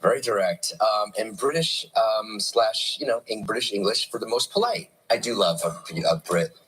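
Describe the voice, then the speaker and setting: A middle-aged man co-hosting a talk show, easygoing and expressive in casual banter. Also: fairly low pitch, normal speed, rough recording.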